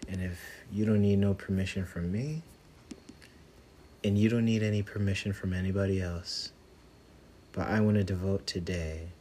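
A man hosting a podcast, guiding listeners through a breathing exercise with soft, repeated affirmations. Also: low voice, slight background noise. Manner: soft, slow, repetitive and soothing. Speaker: podcast host leading a healing exercise. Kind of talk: guided meditation with affirmations.

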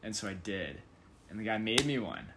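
A man's voice: fairly low pitch, lively intonation, moderate pace, noisy background. A young adult man in casual podcast chat, telling stories playfully and joking around. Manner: playful, jokey storytelling with bursts of laughter. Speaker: podcast co-host or guest.

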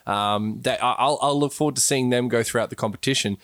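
Chatty cricket co-commentator. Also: male voice, mid-range voice, fast, fairly bright tone, dry recording, clean studio sound. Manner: loose and chatty, with fillers and laughs.

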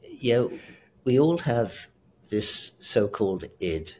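A retired doctor, an older South African man with a British accent, chats as an interview guest in a slow, sing-song voice on the low side, a little mellow, over a little hiss or hum. His casual talk rambles, with chuckles and self-corrections along the way.

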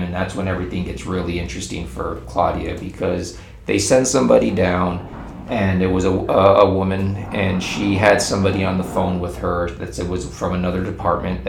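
A man with a low, gravelly voice tells a secondhand story in a loose, rambling way. He trips over his words and restarts often as he goes. The recording has a roomy echo with faint ambience behind it. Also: a little fast, a little hiss or hum. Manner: animated, rambling, frequent restarts.

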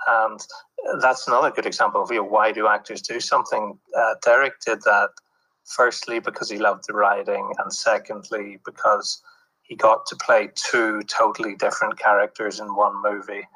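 Male producer guest, low husky voice, bright edge, rambling anecdotes. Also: little pitch movement, normal speed, poor audio. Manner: reflective, with many fillers and restarts. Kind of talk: anecdotal interview talk.

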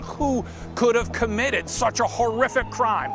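A male news anchor reading a broadcast report with a dramatic, measured delivery. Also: very high-pitched. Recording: news clip over a music bed.

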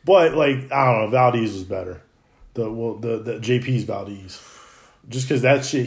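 A man's voice: mid-range voice, fairly quick, reverberant. A man telling profane, laughing stories about coworkers in a casual chat. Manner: profane, laughing, animated storytelling. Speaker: mechanic telling shop stories. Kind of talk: casual storytelling among coworkers.

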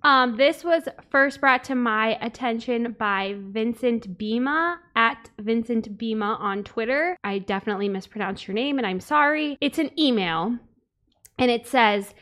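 A woman's voice: fairly high pitch, expressive, unhurried, a bit bright. A woman hosting a podcast, reading news items aloud with dry asides in casual chat. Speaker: podcast host.

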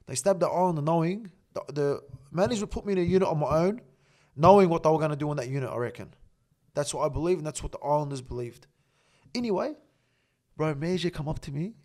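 A man telling a story in a casual interview, animated and full of slang and swearing. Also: fairly high pitch, fast talker. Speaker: guest.

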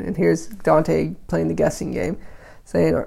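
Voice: mid-range voice, flat delivery, takes it slowly, gravelly, warm tone, husky. A podcast host who reads archaic verse aloud, then explains it in loose, casual paraphrase full of likes and you-knows. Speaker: podcast host reading and interpreting a poem. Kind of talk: casual explanatory reading with commentary.

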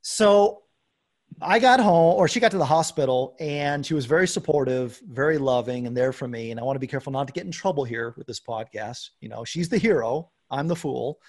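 A man in his forties hosting a podcast, telling a self-deprecating story in a lively way. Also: medium pitch, fairly quick. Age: 40s. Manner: animated storyteller, self-deprecating, acts out quoted dialogue. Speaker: podcast host. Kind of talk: casual podcast chat.

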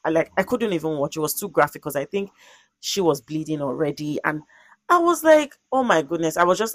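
A young woman telling a story in casual conversation, animated and expressive, acting out quotes and using lots of fillers. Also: sits low, no room sound. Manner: frequent "like" fillers.

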